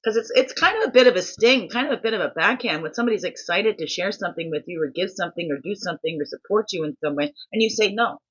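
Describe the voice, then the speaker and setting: Man, high voice, tired, rambling reflection, lots of questions, dull lo-fi sound. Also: quick pace, hardly any pauses, husky. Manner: musing, asks many questions, quotes others in animated voices. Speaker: host of a daily reflection video.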